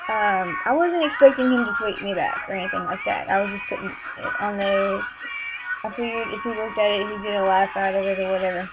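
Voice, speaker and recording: A teenage girl with a Southern accent, rambling casually to a webcam with lots of fillers and quick irritated asides. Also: mid-range voice. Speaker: vlogger. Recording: muffled webcam audio with music behind.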